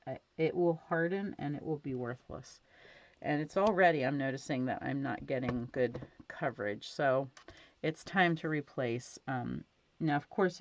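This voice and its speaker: A woman's voice: a bass voice, creaky. A woman teaching card stamping at her craft desk at home, chatting casually and gushing over how her cards turn out. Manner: chatty, gushing over results, many fillers. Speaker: stamping instructor. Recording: dull lo-fi home recording.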